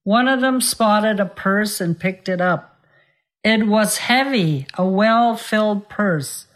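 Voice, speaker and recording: A woman teaching vocabulary and telling a short fable, repeating words slowly for learners and raising her voice for the characters. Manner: voices characters with raised pitch. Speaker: language teacher. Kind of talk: storytelling and vocabulary lesson.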